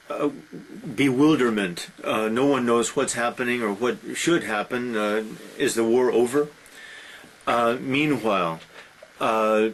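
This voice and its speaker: Male teacher, husky voice, casual lecture retelling with lots of filler sounds. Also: medium pitch, rough recording. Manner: conversational, many filler sounds. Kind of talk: classroom lecture retelling a story.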